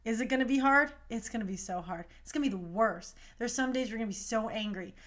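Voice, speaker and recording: A woman's voice: fairly high pitch, fast talker, fairly bright tone. A young woman hosting a talk show, speaking in a passionate, emphatic casual monologue. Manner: impassioned, emphatic.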